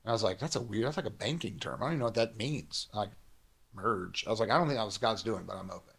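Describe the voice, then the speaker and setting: A man, a pastor and guest, telling a personal story quickly and acting out the dialogue he quotes. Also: fairly low pitch, vocal fry, a bit bright, slightly rough.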